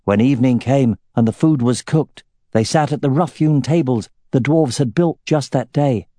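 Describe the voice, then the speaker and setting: Mellow-voiced man narrating a fantasy audiobook. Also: mid-range voice, moderate pace, dry recording.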